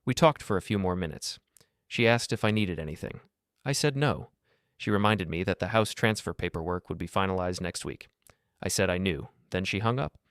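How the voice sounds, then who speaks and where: Brief: older male narrator, low voice, calm and steady scripted storytelling, dry close mic. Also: dry recording.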